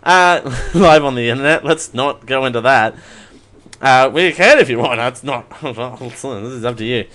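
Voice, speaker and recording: A man's voice: medium pitch, unhurried, fairly bright tone. A man hosting a live question show, rambling and self-mocking, laughing at his own jokes. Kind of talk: live stream Q&A.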